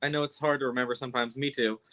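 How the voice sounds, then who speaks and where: Relaxed male host, casual interview questions, laughs easily. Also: medium pitch, rapid-fire. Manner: easygoing, laughs along with the guest.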